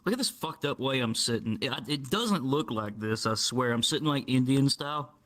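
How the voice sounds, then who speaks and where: A man's voice: mid-range voice, lively intonation, normal speed, fairly bright tone. A man co-hosting a podcast in casual chat, tipsy from drinking, rambling with lots of laughter and crude jokes.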